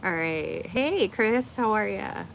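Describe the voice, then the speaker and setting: Picture a middle-aged woman chatting her way through a live Q&A, blunt and joking as she answers comments one after another. Her voice sits at an ordinary middle pitch. A faint hiss of noise sits under the recording. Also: expressive, slow, vocal fry. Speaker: livestream host answering chat. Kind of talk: casual live Q&A chat.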